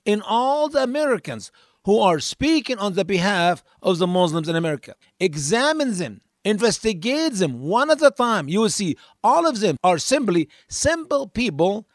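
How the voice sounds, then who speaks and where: High, lively-voiced man commentating. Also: moderate pace, dry recording, clean studio sound. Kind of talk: commentary over played lecture clips.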